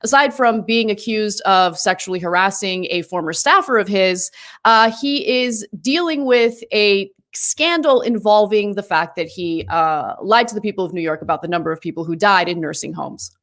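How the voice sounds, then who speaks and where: A woman hosting a political podcast, speaking in an animated, opinionated way. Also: mid-range voice, moderate pace. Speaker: podcast host. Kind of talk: political commentary.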